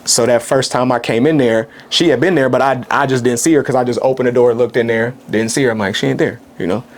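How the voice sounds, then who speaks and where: A man from Kansas City speaks as a podcast guest in a casual conversation. His pitch sits in the middle of the range. He talks softly and candidly, often pausing and restarting his sentences. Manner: soft-spoken, candid, halting with many restarts. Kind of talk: casual chat, personal storytelling.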